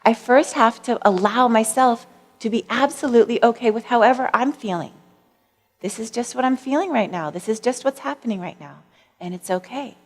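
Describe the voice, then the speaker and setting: A woman psychologist giving a public talk, telling personal stories in a gentle, candid way with a little self-mocking laughter. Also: fairly high pitch, normal speed. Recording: long reverb of a lecture hall.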